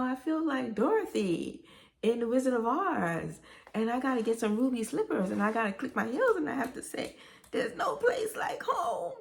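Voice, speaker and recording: Gravelly-voiced New woman vlogging. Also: mid-range voice, darkish tone. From Brooklyn, New York. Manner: rambling, nostalgic storytelling. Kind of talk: casual vlog monologue.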